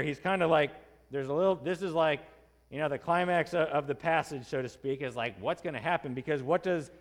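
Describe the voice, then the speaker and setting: A man's voice: a little high, long reverb tail. A man preaching an expository sermon in a conversational way, asking his listeners questions and acting out quotes in casual voices.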